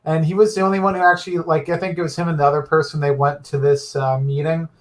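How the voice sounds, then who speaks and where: A man's voice: a little high, flat delivery, quick pace. A young man on a podcast, explaining things casually with plenty of fillers. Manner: loose, filler-heavy explaining.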